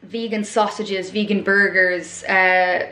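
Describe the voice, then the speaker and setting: A woman's voice: mid-range voice, little pitch movement, slow, sharp tone. Irish woman in her twenties, rambling chatty vlogger, roomy echo. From Ireland. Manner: rambling, chatty, many fillers and asides. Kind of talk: casual chat while cooking. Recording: echoey room.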